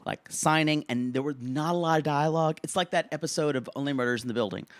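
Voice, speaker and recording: A man co-hosting a podcast, telling show moments in an animated, raunchy way and laughing often. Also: fairly high pitch, fast talker, no room sound. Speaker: podcast co-host. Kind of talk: casual comedic recap chat.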